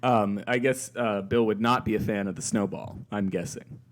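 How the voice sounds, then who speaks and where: A man's voice: fairly low pitch, fairly even intonation, moderate pace. A man co-hosting a casual chat podcast, wry and teasing, who laughs often. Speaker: podcast co-host.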